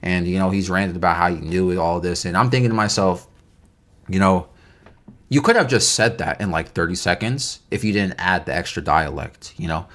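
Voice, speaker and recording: Low-voiced young man telling a story. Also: brisk. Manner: animated, incredulous, reenacting. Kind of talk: casual story time vlog.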